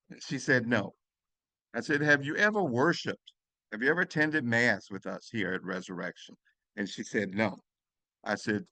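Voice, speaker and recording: A man's voice: lowish voice, big pitch swings, moderate pace, bright, forceful tone, no room sound. A man, a Catholic priest, telling a story in an earnest, emphatic way with frequent restarts. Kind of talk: storytelling talk.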